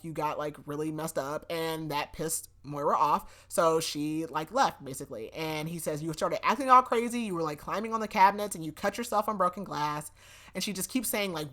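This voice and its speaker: A young woman with a fairly low voice chats her way through a book recap on her podcast. She talks loosely, leaning on constant fillers and laughing often as she goes. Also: fairly bright tone. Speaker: podcast host. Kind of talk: casual book recap chat.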